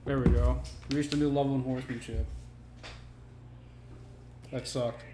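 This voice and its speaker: A man casually commenting on a video game as he plays, excitable and joking. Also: mid-range voice, a little slow, echoey room, noisy background. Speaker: streamer playing a game.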